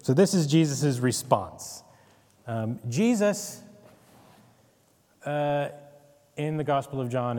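A man's voice: mid-range voice, dark tone, big-room sound. A man giving a casual Bible study lecture, conversational, with wry asides and frequent "right?" checks. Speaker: Bible teacher.

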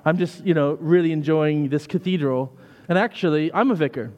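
An American vicar gives a conversational sermon in a church, telling anecdotes and stories with asides, his voice trailing into the building's long reverb. It sits on the high side, brisk and slightly mellow.

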